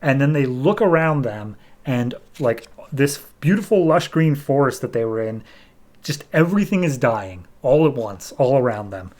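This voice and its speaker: A man's voice: medium pitch, lively intonation, normal speed, a little mellow. A man hosting a podcast, recapping a comic book in a loose, chatty way and paraphrasing what the characters say. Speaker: podcast host.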